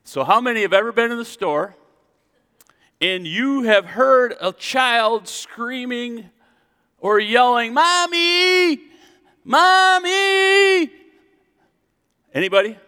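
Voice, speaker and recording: A man preaching a sermon as a pastor, animated and drawing call-and-response from his congregation in a church sanctuary. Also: extremely high pitch, a little slow, clean tone. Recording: long reverb in a hall.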